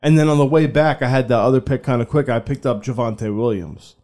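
Podcast co-host, male, dark mellow tone, loose profane banter. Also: medium pitch, fairly quick. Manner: loose, profane, laughs often. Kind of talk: casual sports podcast chat.

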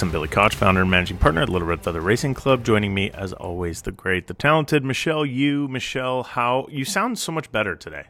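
A man hosts a relaxed podcast conversation, his voice sitting a bit low. He is upbeat and teases his co-host in easygoing banter. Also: fast talker, few pauses, soft background music. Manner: upbeat and teasing. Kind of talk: casual chat.

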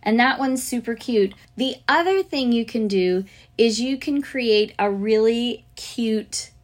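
A woman's voice: on the high side, slow. Chatty woman hosting a teaching podcast. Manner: chatty, enthusiastic, chants rhythms and sings snippets; many fillers and restarts. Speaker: podcast host, elementary music teacher. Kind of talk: casual teaching podcast talk.

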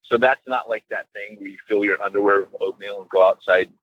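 A man's voice: on the low side, fairly even intonation, a little fast, dry recording, lo-fi sound. A man co-hosting a podcast in casual chat, playful and teasing, talking over a remote call. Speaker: podcast co-host. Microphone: remote call mic.

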